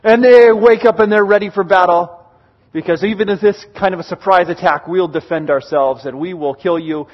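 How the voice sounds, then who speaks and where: A man giving a sermon, retelling a scripture story in a lively, animated way and briefly acting out its characters. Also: sits high, highs cut off. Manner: animated, acts out characters in quick bursts. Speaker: pastor.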